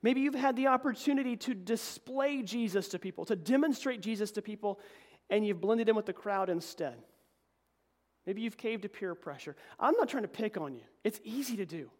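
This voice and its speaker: A man preaching a sermon as pastor, reading scripture and swinging between emphatic peaks and quiet, low asides. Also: moderate pace. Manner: animated preaching, voice rising to emphatic peaks then dropping low.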